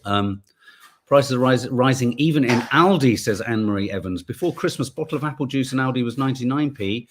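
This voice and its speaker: A man's voice: mid-range voice, fairly quick, background noise. A man hosting a live show, chatting casually and playfully while reading out viewer comments.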